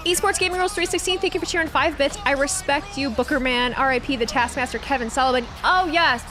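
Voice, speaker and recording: A woman's voice: high voice, quick pace, music in the background. A young woman chatting casually on a live stream, sarcastic and talkative, reading chat messages aloud.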